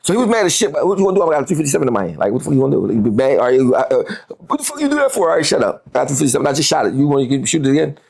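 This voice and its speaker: A fast, lively New man in his forties tells his side in a heated interview, jumping all over his range. His voice is rough and husky, with a gravelly edge. He curses freely and stammers through repeated words when fired up. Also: medium pitch. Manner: animated, profane, repeats words when worked up. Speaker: interview guest.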